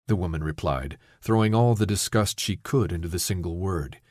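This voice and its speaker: A man reading an audiobook novella in steady, measured scripted narration. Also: deep voice, no room sound, clean studio sound.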